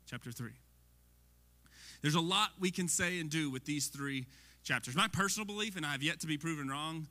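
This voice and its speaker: A man preaching a sermon in a lively, conversational way, often asking the audience questions. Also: a little high. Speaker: pastor. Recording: long hall reverb.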